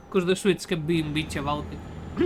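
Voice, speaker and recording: Tipsy woman chatting on stream, cursing lots, loud truck game hum underneath. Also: fairly low pitch. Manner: rambling, swears often. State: tipsy from beer. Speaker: livestreamer. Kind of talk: casual gaming stream chat. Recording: game engine noise behind voice. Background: truck driving game sounds.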